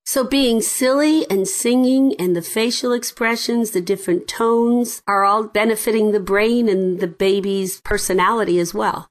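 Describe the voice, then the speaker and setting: A woman hosting an interview who asks formal, measured questions. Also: mid-range voice.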